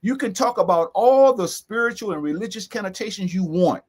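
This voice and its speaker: Emphatic man with a high voice. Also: lively intonation. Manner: emphatic, repeats key phrases slowly. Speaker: co-host. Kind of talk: earnest discussion.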